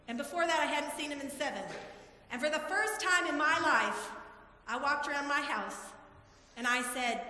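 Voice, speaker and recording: A woman's voice: high voice, normal speed, pushed and bright, slight background noise. A woman in her forties preaching a heartfelt sermon to her congregation, telling personal stories. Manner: emotional, heartfelt storytelling to a congregation. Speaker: pastor. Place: church sanctuary. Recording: echoey church hall.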